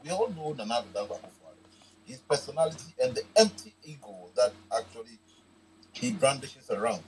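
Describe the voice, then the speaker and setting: A man's voice: mid-range voice, very animated, fairly quick, a little mellow, rough recording. Emphatic Ghanaian male commentator. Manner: emphatic, rhetorical, uses repetition. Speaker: political commentator guest. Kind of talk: forceful political commentary.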